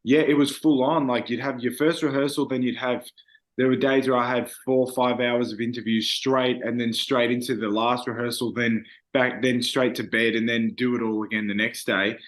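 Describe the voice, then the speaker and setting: A man's voice: mid-range voice, fairly even intonation, normal speed. A young man, a singer, talking earnestly and reflectively in a casual interview, with frequent fillers.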